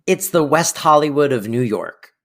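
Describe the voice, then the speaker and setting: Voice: mid-range voice, animated, moderate pace. A podcast co-host recapping an episode in casual chat, enthusiastic and laughing while retelling scenes.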